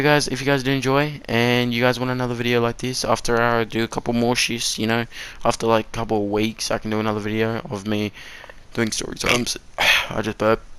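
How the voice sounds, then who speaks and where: A man's voice: fairly low pitch, fairly bright tone, clear, resonant tone. Swearing teenage boy. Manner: rambling, swears freely, laughs at own slips. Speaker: vlogger. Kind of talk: casual story time.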